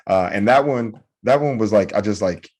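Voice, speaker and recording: Lively comedian man telling stories. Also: fairly low pitch, moderate pace. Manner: animated, acts out voices in anecdotes. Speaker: podcast co-host, comedian. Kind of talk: casual storytelling chat.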